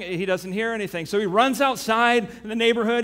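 A man preaching a sermon as pastor. He tells a story with animation and then turns quiet and earnest. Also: high voice, steady tone, fairly quick, hardly any pauses. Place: church sanctuary. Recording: long reverb of a church hall.

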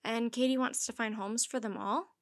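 A woman's voice: a little high, steady tone, normal speed, dry recording, studio quality, close to an everyday voice. A woman doing a thoughtful bearded dad. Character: warm bearded father, a vet.

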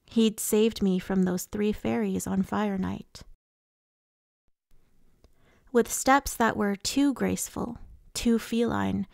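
A woman narrating a novel in the first person, in a measured reading voice. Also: mid-range voice, gravelly, a little mellow, dry recording, studio quality. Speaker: audiobook reader.

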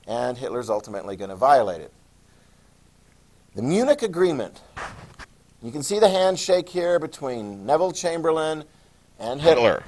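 A man teaching a history class, lecturing in an animated way and quizzing students. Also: mid-range voice. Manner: animated, acts out countries in jokey voices; asks the class questions.

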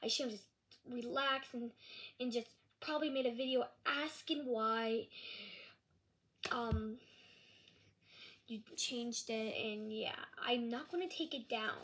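A woman talking casually to camera in a rambling, halting apology vlog. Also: on the high side, a bit bright, a little hiss or hum. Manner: rambling, halting, with frequent restarts. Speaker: vlogger. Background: dog nearby.

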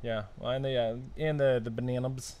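Man, casual live-stream co-host, loose musing delivery, mid pitch. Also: fairly even intonation, normal speed, darkish tone, clean tone. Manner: loose, musing, trails off and restarts. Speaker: podcast co-host.

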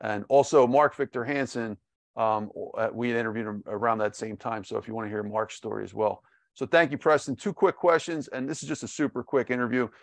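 A man's voice: mid-range voice, fairly even intonation, brisk, vocal fry, dry recording. Chatty male podcast host. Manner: chatty, upbeat, lots of fillers and restarts. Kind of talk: casual interview.

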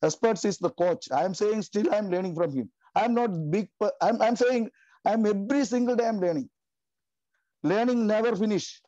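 A man in his fifties giving an emotional, passionate testimony in halting, repetitive phrasing. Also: high-pitched, mellow, no echo, dull audio. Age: 50s. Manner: passionate, repetitive, non-native grammar. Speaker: team member giving a testimony.

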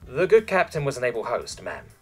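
A polite, nervous young male recruit, read by a male narrator answers stiffly and formally. The voice is husky and lively in pitch. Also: brisk, soft background music, heavily acted.

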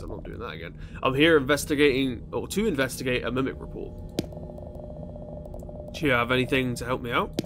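A man's voice: mid-range voice, animated, a little fast. A man giving chatty gaming commentary, swearing and thinking aloud while playing a police officer. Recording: gameplay with vehicle noise.

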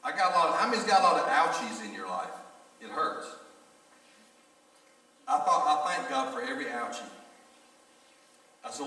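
A man's voice: mid-range voice, expressive, normal speed, long pauses, bright, forceful tone. A middle-aged man, a pastor telling folksy stories and speaking straight to his congregation. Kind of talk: sermon. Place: church sanctuary. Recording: echoey church hall from far off.

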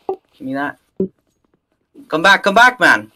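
Man, gamer chat, excitable, slow-paced, slightly high pitch. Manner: excitable, yelps and laughs under fire. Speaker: gamer playing online with friends. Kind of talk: casual gameplay chat.

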